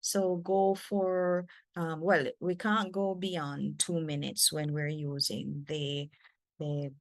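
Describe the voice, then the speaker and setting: A woman faculty developer with a Jamaican accent, giving a lively training talk to teachers with emphatic, repeated phrases. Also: low voice, dry recording. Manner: animated, emphatic, repeats words.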